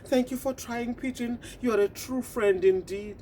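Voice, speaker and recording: A woman's voice: a little high, moderate pace, dark tone, a little hiss or hum, pitched above the performer's own voice, natural voice. A woman voicing a sad little female tortoise in a storybook tale, pleading and tearful.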